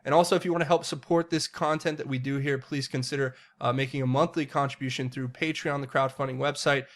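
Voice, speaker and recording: A man's voice: mid-range voice, steady tone, fast. A man hosting his own political commentary channel, talking straight to his viewers in an earnest, direct way. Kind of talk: solo political commentary monologue.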